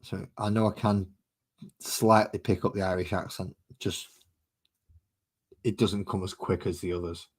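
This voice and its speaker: Manc guy kinda low voice, just rambling to his stream chat while painting minis. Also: fairly even intonation, unhurried, pauses often, husky. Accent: Mancunian. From Manchester, England. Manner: rambling and chatty while working. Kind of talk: casual live-stream chat.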